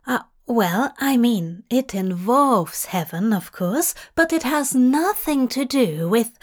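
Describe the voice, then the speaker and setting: A woman's voice: on the high side, lively intonation, slow pace. A woman voicing a fussy, earnest male angel who stammers and pleads in a storybook reading. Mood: flustered pleading.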